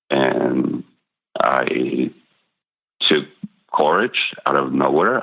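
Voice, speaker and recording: This middle-aged Spaniard has a bass voice with a Spanish accent, expressive and slow, with vocal fry and a pushed, bright edge. As a guest, he tells candid personal stories full of fillers and little laughs. The recording sounds dull and lo-fi.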